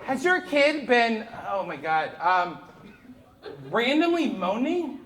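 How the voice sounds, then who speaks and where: A Canadian man in his thirties doing live stand-up comedy on a theater stage, animated and profane, working the crowd and breaking into shouts. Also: extremely high pitch, takes it slowly. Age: 30s. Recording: echoey theater with loud crowd laughter. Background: audience laughter.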